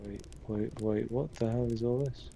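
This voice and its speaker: A man's voice: medium pitch, fairly even intonation, moderate pace, vocal fry, warm tone, a little hiss or hum. A man streaming a game, chatting casually, swearing freely and reading game text aloud under his breath. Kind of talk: casual gameplay commentary.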